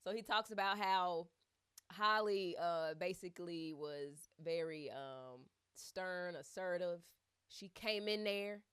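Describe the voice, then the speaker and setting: A woman's voice: on the low side, slow, clean tone. A woman giving a casual, chatty commentary, retelling a story with lots of fillers and asides. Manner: chatty and animated, with many fillers.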